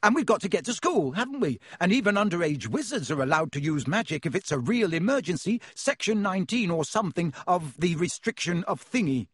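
A man voicing an excitable young teen wizard boy who talks in eager, urgent bursts. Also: high-pitched, brisk, hardly any pauses, breathy edge, dry recording, studio quality, voice pushed up, heavily acted. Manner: eager, urgent, breathless chatter.

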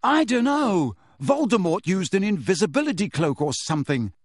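Harry, voiced by a male reader, agitated and shouting. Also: fairly high pitch, sing-song, normal speed, slightly rough, dry recording, studio quality, pitched above the performer's own voice. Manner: shouting, urgent, defensive. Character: angry, agitated teenage boy wizard.

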